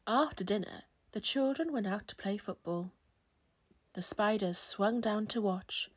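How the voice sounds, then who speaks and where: Slow, expressive woman reading a picture book. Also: medium pitch, breathy edge. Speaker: children's storyteller.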